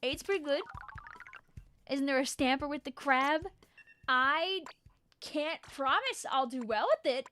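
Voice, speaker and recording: A woman's voice: high voice, lively intonation, unhurried, long pauses, bright, forceful tone, slight background noise. A young woman streaming a video game, giggling and chatting with her viewers in a bubbly way. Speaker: streamer playing a shooter game. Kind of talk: casual live-stream commentary.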